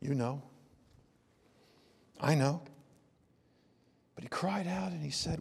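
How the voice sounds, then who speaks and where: A man's voice: on the high side, takes it slowly, creaky, pauses often, darkish tone, breathy edge, big-room sound. A man preaching a sermon in a conversational way, asking many rhetorical questions and building to emphatic bursts. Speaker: pastor.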